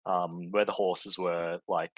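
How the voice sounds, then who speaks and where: A man's voice: sits low, little pitch movement, takes it slowly, bright, forceful tone, poor audio. A man narrating as game master, easygoing and hesitant with many fillers.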